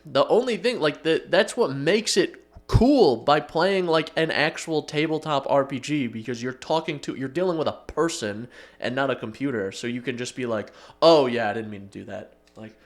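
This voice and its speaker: A man's voice: on the high side, lively intonation, normal speed. A man co-hosting a podcast, telling stories in loose casual chat, laughing and acting out quotes. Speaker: podcast co-host.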